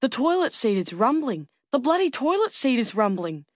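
A woman's voice: medium pitch, moderate pace, no room sound, studio quality, lightly acted. A woman voicing an urgent, blunt surf director man. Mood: excited. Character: excitable adult male surf contest director.

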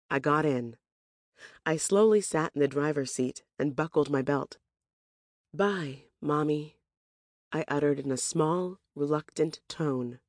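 A measured, reflective voice reads a personal story from a self-help book in the first person, slowing on key phrases. The voice sits at a middling pitch, and the booth-dry recording has no room sound at all. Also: dry recording. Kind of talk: scripted first-person narration.

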